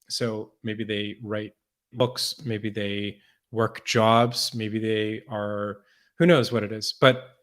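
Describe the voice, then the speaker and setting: A man as a podcast guest, talking in a thoughtful, conversational way with many restarts and repeated words. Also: lowish voice. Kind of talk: conversational interview.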